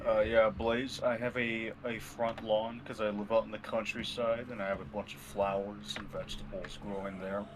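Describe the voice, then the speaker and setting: A man chatting with friends over voice chat, laid-back and a little slow to answer. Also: on the low side, little pitch movement, a crowd in the background, rough recording. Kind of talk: casual voice chat.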